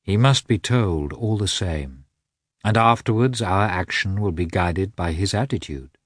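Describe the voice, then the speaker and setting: A man doing a firm, calm young officer. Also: sits low, measured pace, dry recording, clean studio sound.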